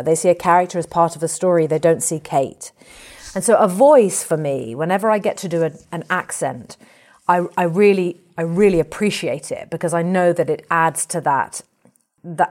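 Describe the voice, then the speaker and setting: A woman from England, speaking as an actor in an interview in a lively, colourful, animated way. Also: fairly low pitch. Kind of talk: reflective conversational interview.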